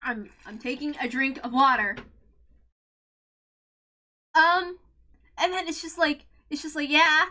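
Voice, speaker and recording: A woman hosting a read-along, ranting emotionally, close to tears, swearing and shouting with a cracking voice. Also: sits high, fairly even intonation, slow pace, long pauses. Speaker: channel host reading a visual novel aloud. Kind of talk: emotional reaction rant.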